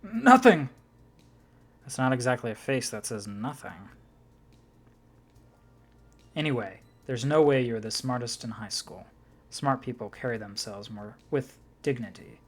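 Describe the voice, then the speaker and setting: A man's voice: medium pitch, unhurried, long pauses, breathy edge. A man playing through a visual novel, reading its lines aloud with casual, swearing commentary. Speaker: let's player.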